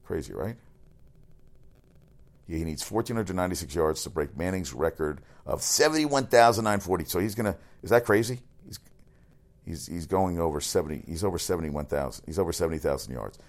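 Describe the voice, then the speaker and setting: A man running through sports news as a radio host, rambling, excitable and swearing often. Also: low-pitched, fairly quick. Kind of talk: casual sports news rundown.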